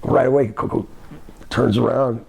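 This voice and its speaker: A man's voice: medium pitch, level tone, normal speed, creaky, a little mellow, slightly rough. A man in his sixties, a former wrestler, telling a long story in an interview, rambling with fillers and restarts. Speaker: guest, former pro wrestler.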